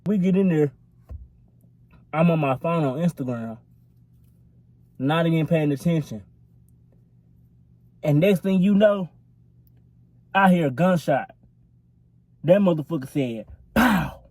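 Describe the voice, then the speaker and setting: A man's voice: on the high side, a little slow, long pauses, dark tone, no room sound. A young man telling a storytime vlog into his phone in a rambling, profane, filler-laden way. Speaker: vlogger. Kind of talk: casual storytime.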